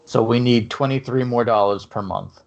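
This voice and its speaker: A male podcast host chats casually at a middle pitch, jokey and loose, tripping over and repeating words. The audio is muffled and lo-fi. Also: normal speed. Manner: joking, chatty, stammers and repeats words. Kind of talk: casual chat.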